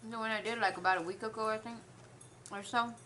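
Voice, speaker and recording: A woman's voice: on the high side, steady tone, fast, sharp tone, slight background noise. A woman vlogger chatting casually while she eats, telling a rambling story and trailing off between bites. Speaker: mukbang vlogger. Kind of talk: casual chat while eating.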